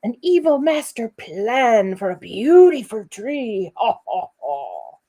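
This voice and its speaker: A woman putting on a deep mock-sinister villain voice with a theatrical evil laugh. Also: big pitch swings, slow, warm tone, heavily acted. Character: scheming villain plotting a tree.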